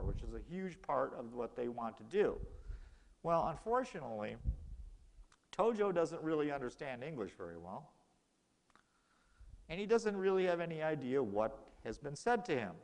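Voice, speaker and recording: Man, history lecture, casual storytelling, slightly raised pitch, long hall reverb. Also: big pitch swings, normal speed, pauses often, a little mellow. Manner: conversational storytelling, acting out quoted exchanges. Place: lecture room.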